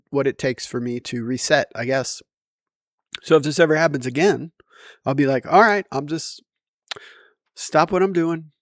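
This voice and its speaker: A man's voice: mid-range voice, no echo, clean studio sound. A middle-aged man musing at home in a rambling, wry, self-deprecating monologue. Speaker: vlogger.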